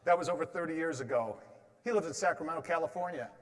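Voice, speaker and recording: A man in his fifties gives a motivational talk in a large hall, his rather high voice trailing a long reverb. He tells stories and keeps quizzing the crowd with questions and jokes. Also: fast talker. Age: 50s. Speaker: motivational speaker. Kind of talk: motivational stage talk with humor.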